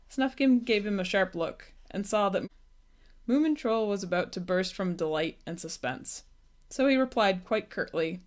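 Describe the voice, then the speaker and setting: A woman reading a children's storybook aloud in a gentle, unhurried way. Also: fairly low pitch, expressive. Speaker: storybook reader.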